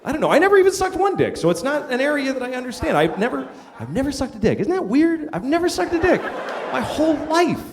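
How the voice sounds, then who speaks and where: A middle-aged man performing a stand-up comedy set on a theater stage, telling an exasperated story and acting out shouting characters. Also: extremely high pitch, sing-song, fast, noisy background. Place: large theater stage before a live audience. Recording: reverberant theater, loud crowd laughter. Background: audience laughter.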